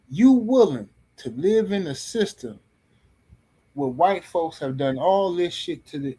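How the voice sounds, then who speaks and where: A middle-aged man on a podcast panel tells a story casually, in a blunt, profane and animated way, often restarting his sentences. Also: fairly high pitch, husky.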